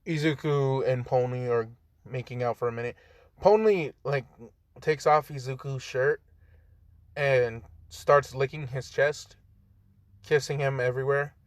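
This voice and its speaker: Slow, rambling young man telling a story. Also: mid-range voice, dry recording. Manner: rambling, lots of fillers, swears and jokes aside. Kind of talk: casual improvised story narration.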